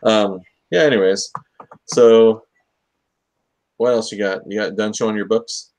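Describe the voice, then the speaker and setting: A man's voice: lowish voice, steady tone, a little slow, a little mellow, slight background noise. A man hosting a casual comics talk stream, joking and rambling with lots of fillers. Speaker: host of a comics talk show. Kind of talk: casual live-stream chat.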